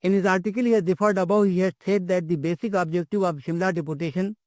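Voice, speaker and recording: A man's voice: high voice, steady tone, fast, darkish tone, no room sound. An older man giving an academic lecture, hesitant, with many fillers and repeated words.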